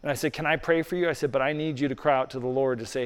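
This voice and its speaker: A man's voice: mid-range voice, steady tone, racing, smooth. A man preaching a sermon, telling a story in a conversational way and acting out the dialogue, then leading a prayer. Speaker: pastor. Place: church hall. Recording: reverberant hall.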